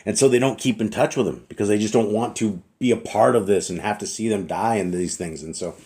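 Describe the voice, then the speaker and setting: Middle-aged guy preaching, lowish voice, earnest and repetitive, keeps clearing his throat, bit of a cough. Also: a little fast, dark tone. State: slight cough. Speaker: religious teacher. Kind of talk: informal preaching monologue.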